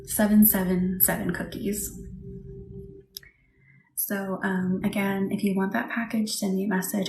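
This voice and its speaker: Female Reiki host, live chat with viewers; gentle and reassuring, at times whispery. Roomy sound with light background noise. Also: mid-range voice, little pitch movement, a little slow, gravelly, pauses often. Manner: soft, reassuring, often drops to a whisper. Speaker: Reiki practitioner hosting a live session. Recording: echoey room with faint background noise.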